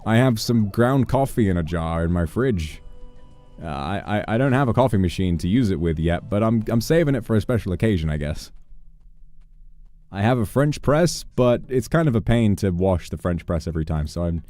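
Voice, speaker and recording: A man's voice: on the low side, expressive, normal speed, warm tone, soft background music. A young man chatting on a gaming livestream, rambling into mock-exasperated rants with plenty of swearing. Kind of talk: casual livestream chat while gaming.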